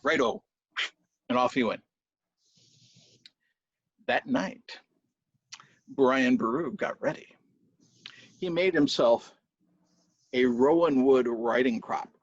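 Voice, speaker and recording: Brief: lively male folk storyteller, husky, dull dry sound. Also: medium pitch, takes it slowly, pauses often, dry recording. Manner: animated, with spoken sound effects. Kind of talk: live folk tale storytelling.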